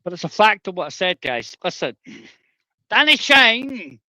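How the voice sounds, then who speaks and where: A man's voice: sits high, sing-song, unhurried, sharp tone, dry recording. A man ranting on a livestream, rambling and conspiratorial, with crude language.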